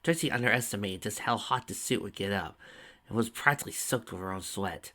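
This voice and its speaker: Brief: male story reader, low-set voice with a bright, tense edge, steady delivery. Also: fairly quick. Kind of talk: reading fan fiction aloud.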